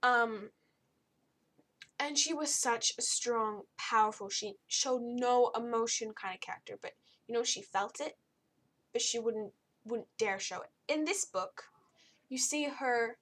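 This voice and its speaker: A woman's voice: on the high side, a bit bright. A young woman giving a casual, blunt and exasperated spoken book review, rambling with frequent restarts.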